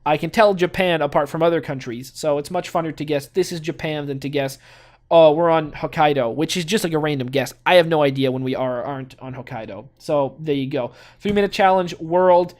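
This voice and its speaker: A young man from Canada casually commenting on his own gameplay, thinking out loud with lots of fillers and restarts. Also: fairly high pitch, fairly quick, few pauses. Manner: rambling, thinks aloud with many fillers and restarts. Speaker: gaming channel host.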